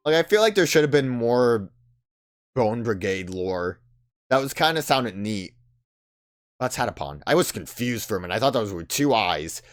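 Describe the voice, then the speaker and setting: A man's voice: mid-range voice, very animated, normal speed, soft background music. A man hosting a let's play, making wry, offhand asides about the game. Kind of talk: casual game commentary.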